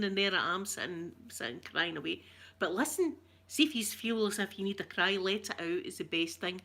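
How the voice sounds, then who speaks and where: With a mid-range, expressive voice that comes across pushed and bright, a middle-aged Scottish woman chats with her live viewers at a moderate pace. She's an ASMR livestreamer reading their comments, rambling, laughing often and saying hello to people by name.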